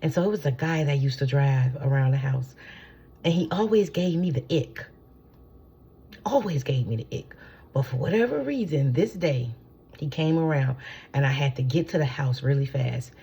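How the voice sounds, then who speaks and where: A woman with a low, gravelly voice talks from home in a loose spiritual teaching. She rambles, swears freely and keeps checking in with her listeners. Her tone is dark and a little husky. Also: animated, moderate pace. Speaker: spiritual channeler. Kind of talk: casual spiritual teaching talk.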